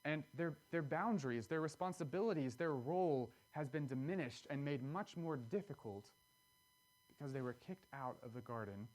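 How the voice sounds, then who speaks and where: A man's voice: fairly high pitch, expressive, normal speed, darkish tone. A man preaching a sermon, earnest and explanatory, pressing key words with emphatic rises.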